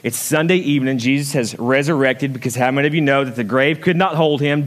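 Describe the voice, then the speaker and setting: A male pastor preaching a sermon, emphatic, swinging between loud high peaks and quiet low asides and putting questions straight to the congregation. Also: fast talker, hardly any pauses. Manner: emphatic preaching with big swings in pitch and loudness; calls out and questions the congregation directly.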